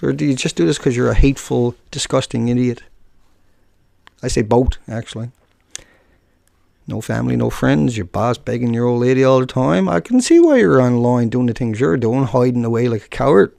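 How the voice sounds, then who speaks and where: Gravelly man ranting on a live stream. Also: mid-range voice, expressive, moderate pace, warm tone, dry recording, studio quality. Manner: combative, taunting and scornful toward a commenter. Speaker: live streamer answering chat. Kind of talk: unscripted live stream rant.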